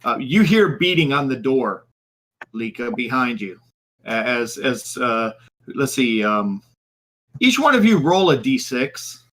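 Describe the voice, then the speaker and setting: A man narrating as game master, halting with many fillers and restarts. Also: mid-range voice, very animated, fairly bright tone, a little hiss or hum.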